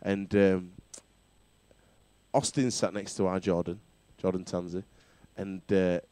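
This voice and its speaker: A man's voice: low-pitched, flat delivery, slow pace, warm tone, clear, resonant tone, dry recording. A man hosting a casual rugby chat show, bantering and laughing often. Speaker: talk show host.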